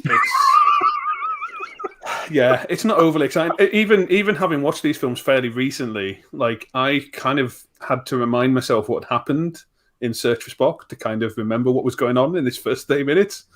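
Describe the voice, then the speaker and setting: A man's voice: mid-range voice, fairly quick. A man joining a casual film podcast as a guest, talking in an easygoing way. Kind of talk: casual chat.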